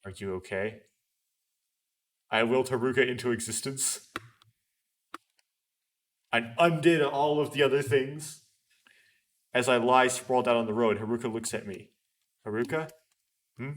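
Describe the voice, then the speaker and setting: A man's voice: medium pitch, fairly even intonation, unhurried, long pauses. A man hosting a let's play, reading a visual novel aloud in an earnest, dramatic way, with small restarts and wry asides.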